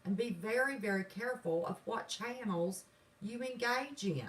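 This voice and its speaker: A woman's voice: mid-range voice, moderate pace, distant mic, poor audio. A woman with a Southern accent from West Virginia, hosting a livestream from her home, talking in a sassy, defiant, folksy way while reading chat. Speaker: channel host. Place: home, indoors.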